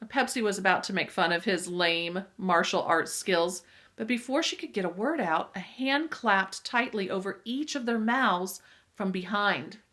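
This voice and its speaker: A woman reading a children's adventure novel aloud with lively storytelling and occasional asides to listeners. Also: medium pitch, measured pace. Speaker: reader.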